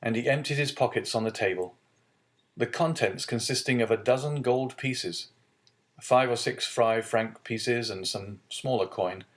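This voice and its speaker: A man narrating a classic novel as an audiobook, in a steady, measured reading. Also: mid-range voice. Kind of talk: scripted narration.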